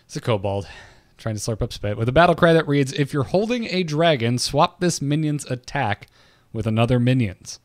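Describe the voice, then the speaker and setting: A man's voice: mid-range voice, animated, normal speed, no room sound. A man hosting a casual podcast, reading out details and making dry, sarcastic jokes. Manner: wry, sarcastic, reads card text aloud. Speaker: podcast host.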